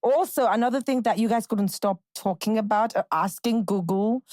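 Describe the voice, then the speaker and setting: At a moderate pace and medium pitch, a young Nigerian podcast host talks casually on her own show, her tone darkish and free of room sound. Bubbly and chatty, she often breaks into playful impressions and quotes.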